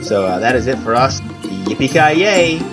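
Joking podcast host, middle-pitched man. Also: animated, a little fast, loud music behind the voice. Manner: joking, chatty, with restarts. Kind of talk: casual podcast chat.

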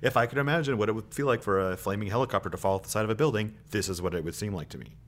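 A man's voice: fairly low pitch, racing. A man co-hosting a podcast, talking with enthusiasm and saying "like" a lot. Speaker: podcast co-host. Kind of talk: casual podcast chat.

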